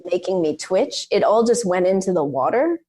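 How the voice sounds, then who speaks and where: A young adult woman, a podcast co-host, telling a personal story in an animated, emphatic way, with many "like"s and "um"s. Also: lowish voice, normal speed. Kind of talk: personal storytelling in casual conversation.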